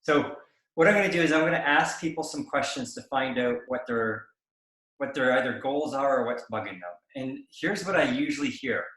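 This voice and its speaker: A man's voice: medium pitch, fairly quick. Man coaching in an echoey room. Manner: animated, acts out dialogue, frequent tag "right?". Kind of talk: coaching chat, explaining sales conversations.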